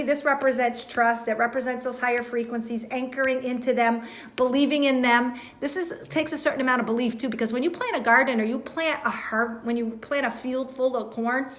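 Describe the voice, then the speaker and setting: Woman host, slightly high voice, earnest and halting, live spiritual reading to viewers. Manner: earnest, repetitive, halting with fillers and restarts. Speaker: intuitive reader and host.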